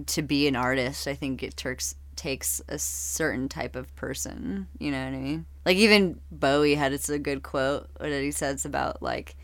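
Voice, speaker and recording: A woman's voice: low-pitched, clear, resonant tone, no echo. A woman guest on a podcast in casual chat, laughing often and musing thoughtfully.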